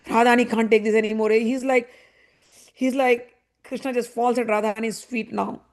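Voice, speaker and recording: A woman telling a devotional story in an animated, conversational way with frequent asides. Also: a little high, moderate pace. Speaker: spiritual storyteller.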